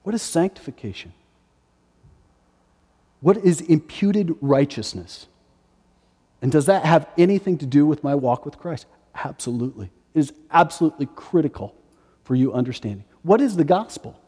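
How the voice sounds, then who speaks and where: A man's voice: on the high side, lively intonation, normal speed, long pauses, dark tone, husky, long reverb tail. A man in his forties preaching a sermon as a pastor, emphatic and repeating his key phrases. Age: 40s.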